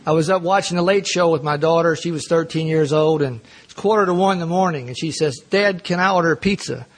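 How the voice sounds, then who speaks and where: A man's voice: a little high, fast. A middle-aged man speaking at a recovery meeting, telling his own story in an earnest, self-mocking way and laughing often. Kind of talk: personal storytelling talk.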